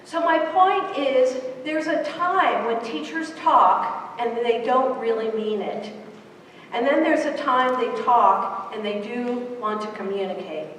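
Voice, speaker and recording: A woman's voice: a little high, slow, a bit bright, slight background noise. A middle-aged woman from New York giving a conference keynote speech, engaging the audience with rhetorical questions. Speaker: keynote speaker. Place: large conference hall. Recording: echoey hall recorded from far off.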